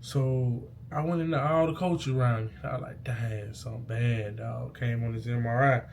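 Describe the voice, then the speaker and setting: Young guy, slangy, animated storytelling, faint hiss behind. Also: medium pitch, brisk. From Mississippi. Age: young adult. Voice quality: slangy, animated storytelling, loud bursts at the peaks. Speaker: vlogger. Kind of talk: casual storytelling to camera. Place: indoors, talking into a mirror.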